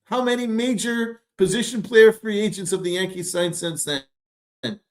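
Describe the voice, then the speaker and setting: A man's voice: high-pitched, fairly even intonation, measured pace. Sarcastic, ranting male podcast host. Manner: sarcastic, exasperated, profane. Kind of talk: ranting sports commentary.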